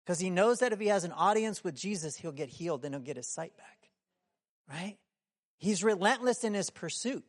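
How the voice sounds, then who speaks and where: A man preaching a sermon in a conversational way, asking the room many questions and acting out the voices in his story, sometimes shouting. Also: sits high, animated, moderate pace. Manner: acts out quoted voices, shouting at times.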